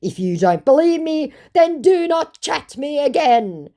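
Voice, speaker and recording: A woman's voice: high-pitched, sing-song, dark tone, pitched above the performer's own voice, exaggerated voice. An Australian woman mocking a pushy scammer man. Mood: indignant. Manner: slow, exaggerated, wheedling mock delivery. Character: pushy male online romance scammer, broken English.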